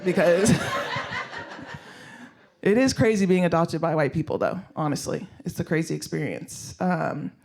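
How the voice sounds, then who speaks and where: A man's voice: sits high, a little mellow. A man performing a live stand-up set in a blunt, self-mocking way, swearing freely and talking straight to the crowd. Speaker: stand-up comedian. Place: comedy show venue.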